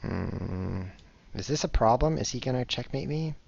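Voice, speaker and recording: A man's voice: mid-range voice, lively intonation, moderate pace, vocal fry, darkish tone, breathy edge, no room sound. A man streaming chess live, chatting casually to viewers in a rambling, self-mocking way as he plays. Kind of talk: casual live-stream commentary while playing. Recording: dull lo-fi recording with faint noise.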